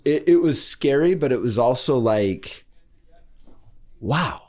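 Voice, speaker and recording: A man being interviewed as a life coach, telling a story in a podcast interview and acting out the voices of the people in it. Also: slow. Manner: animated, acts out quoted voices with big pitch jumps.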